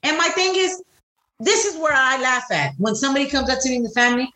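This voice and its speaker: A woman's voice: sits high, fast. A middle-aged woman co-hosting a podcast, talking bluntly and profanely in casual chat. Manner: blunt, profane, animated storyteller. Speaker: podcast co-host. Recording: echoey room.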